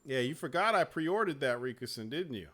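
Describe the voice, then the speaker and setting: A man hosting a casual gaming chat show, talking in a profane, animated way and laughing often. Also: mid-range voice, a little fast. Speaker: show host.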